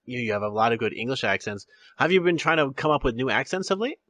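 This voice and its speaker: A man's voice: mid-range voice, lively intonation, quick pace, bright, forceful tone, dry recording, clean studio sound. A man hosting a podcast in casual chat, rambling with restarts and laughing often. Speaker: podcast host.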